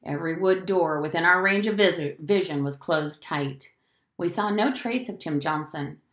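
A woman teacher reading a novel aloud to her class, in an expressive storytelling manner. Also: on the low side, normal speed, echoey room.

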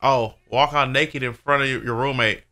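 A man reacting to memes in casual chat, excitable and quick to laugh, often repeating short exclamations. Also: mid-range voice.

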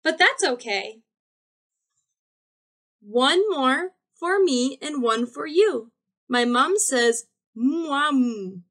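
Gentle woman reading a picture book. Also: high-pitched, expressive. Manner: gentle, sing-song, counting slowly. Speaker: teacher.

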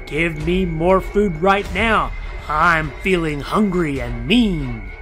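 Man voicing a hungry ghost, roaring, booming, slow, storybook read-aloud. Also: lively intonation, fairly bright tone, faint music behind. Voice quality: booming, bellowing. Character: loud ravenous male ghost, roaring and greedy.

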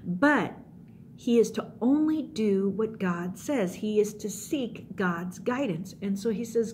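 A middle-aged woman preaching to a youth group, with an animated, storytelling delivery. Her voice sits in a middle pitch, and she acts out the scenes as she goes. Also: takes it slowly, a little hiss or hum. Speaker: youth pastor. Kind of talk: youth sermon.

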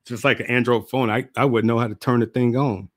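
A man talking casually to camera as a motivational speaker and host. He is relaxed, repeats phrases for emphasis and laughs at himself. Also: medium pitch, brisk, no echo, studio quality. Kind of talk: casual reflective monologue to camera.

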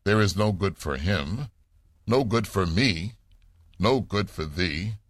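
A man's voice: sits low, lively intonation, slow pace, no echo, exaggerated voice. A man voicing a grave, sorrowful woman outcast, solemn and earnest in an old-fashioned storybook reading.

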